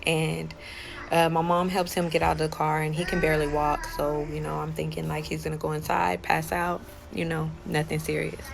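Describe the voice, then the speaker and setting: A woman's voice: low-pitched, flat delivery, normal speed, gravelly. A woman talking in a casual storytime monologue, loose and conversational, acting out the lines of the people in her story. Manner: conversational, acts out quoted dialogue, many fillers. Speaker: storyteller recounting a personal betrayal.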